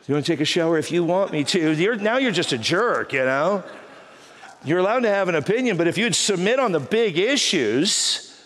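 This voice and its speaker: Middle-aged male pastor, wry storytelling sermon, higher-pitched voice, echoing sanctuary. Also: expressive, fairly bright tone. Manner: joking, self-deprecating storyteller with quick asides. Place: church auditorium. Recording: hall reverb.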